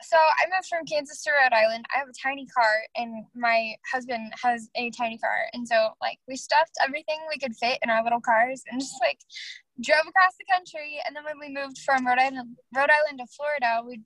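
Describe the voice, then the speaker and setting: A woman's voice: sits high, brisk, a bit bright, dry recording, low-quality recording. A woman guest chatting casually in an interview, telling stories with lots of fillers and laughs.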